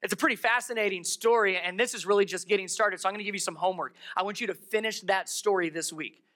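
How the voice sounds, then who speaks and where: Speaking at a quick clip, a pastor tells his sermon like a casual story, breaking off for asides and to question the congregation. The setting is a church service in a darkened theater, and his voice sits at a medium pitch, bright and forward.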